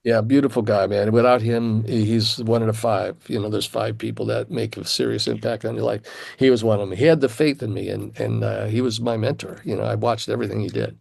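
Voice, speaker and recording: Gravelly older man telling stories. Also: fairly low pitch, steady tone, brisk, a little mellow, no room sound. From Cleveland. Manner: rambling anecdotes with acted-out quotes and laughs. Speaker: guitarist guest. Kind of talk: casual storytelling interview.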